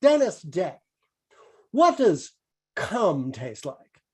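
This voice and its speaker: A comedian doing a fussy, prim old-time radio star, drawn out and mannered. the voice sits well above his own and comes out loud, with a deliberately slow delivery. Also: high-pitched, wildly swooping pitch, slightly rough, pitched above the performer's own voice, heavily acted.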